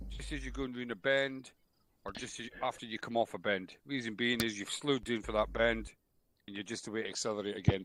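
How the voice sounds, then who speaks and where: A man's voice: medium pitch, fairly bright tone, no room sound. Casting: man, game-unit instructor, blunt and sweary with jokes, headset voice chat, dry sound. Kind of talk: military briefing in a game.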